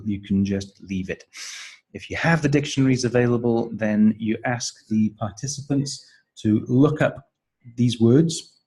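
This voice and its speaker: A man's voice: mid-range voice, mellow, husky, low-quality recording. A man acting as a teacher trainer, walking through a training manual step by step with frequent ums. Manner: slow, explanatory, with frequent ums and uhs. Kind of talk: instructional walkthrough of a training manual.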